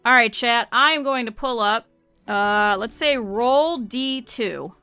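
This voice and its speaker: A woman streamer with a slight lisp, chatting casually and excitedly with viewers while playing a game. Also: a little high, slow pace, clear, resonant tone, faint music behind. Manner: chatty and animated, often laughing. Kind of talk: casual gameplay chat with viewers.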